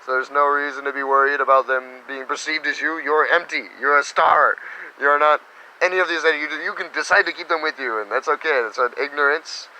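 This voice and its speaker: A man teaching meditation in a casual spiritual talk, animated and slipping into little quoted voices. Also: a little high, a little fast, slight background noise, rough recording.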